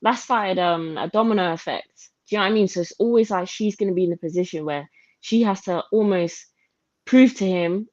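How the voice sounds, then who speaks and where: A woman's voice: medium pitch, brisk, a little mellow, no room sound. Incredulous woman on a slightly dull mic. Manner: incredulous, quotes people in mocking voices. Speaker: podcast co-host. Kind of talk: casual reality-TV commentary.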